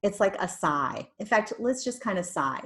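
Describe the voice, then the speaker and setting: A woman hypnotherapist leading a guided meditation in a soothing, drawn-out way, with breathy sighs. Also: mid-range voice, animated, a bit bright.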